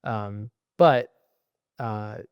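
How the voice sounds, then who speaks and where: A man's voice: lowish voice, drawn-out words, clean tone, no echo, muffled recording. A young man co-hosting a podcast in casual chat, ranting in a profane, frustrated way. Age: young adult. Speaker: podcast co-host.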